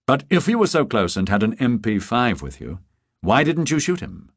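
A man's voice: medium pitch, very animated, normal speed, husky, no room sound. A man playing a blunt, demanding male police superior in an audiobook, with curt, pressing speech.

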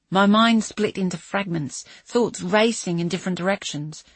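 A woman narrating a thriller audiobook in a measured, dramatic reading voice with a husky edge. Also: medium pitch, no echo. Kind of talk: scripted narration.

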